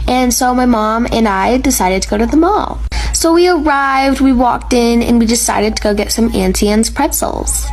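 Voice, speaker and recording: Chatty woman doing a storytime, a little high, lots of "like". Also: darkish tone, poor audio.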